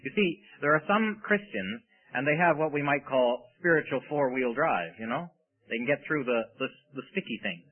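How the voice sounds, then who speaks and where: Husky, lively preacher man on tinny radio. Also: a little high, normal speed. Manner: emphatic, asks the listeners rhetorical questions. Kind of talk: sermon.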